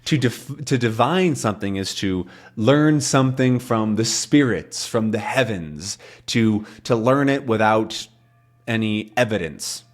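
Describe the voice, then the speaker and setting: A man teaching English in a relaxed way, explaining words simply and often checking that learners follow him. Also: on the low side, unhurried. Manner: animated, checks in often with questions.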